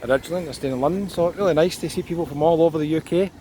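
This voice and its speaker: A Scottish man with a slightly high voice gives easygoing walking commentary outdoors, talking into a handheld camera as he strolls. Clear traffic and street noise run behind him. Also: very fast. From Scotland. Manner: chatty, relaxed tour guide, pointing out places as he walks. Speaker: walking tour vlogger. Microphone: handheld camera while walking. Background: outdoor traffic and street ambience.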